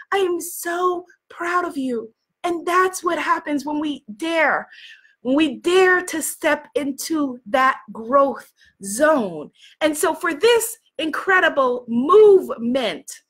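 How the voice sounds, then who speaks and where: A woman's voice: high-pitched, fairly bright tone. A woman spiritual coach hosting a motivational video, reading out messages and cheering with effusive repeated praise.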